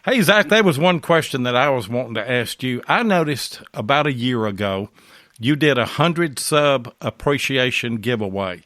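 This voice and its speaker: A man's voice: medium pitch, expressive, moderate pace, fairly bright tone, no room sound, studio quality. A man hosting a podcast, telling folksy stories in a casual chat and laughing through them. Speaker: podcast host.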